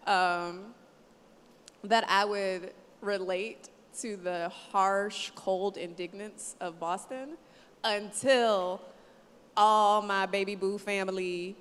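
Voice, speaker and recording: A woman from the American South moderating a panel discussion, animated and laughing, often acting out other people's voices. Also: mid-range voice, clean tone. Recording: hall reverb, faint noise.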